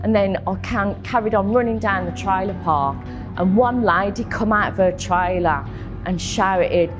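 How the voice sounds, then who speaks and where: A woman speaking slowly and unhurriedly, recounting a painful personal story. Her voice sits at an ordinary mid pitch, and she stumbles, repeats herself and fills pauses with ums. Faint music plays behind her. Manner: emotional, halting storytelling with frequent ums and repeats. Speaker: interviewee telling her own story. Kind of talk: personal testimony in an interview.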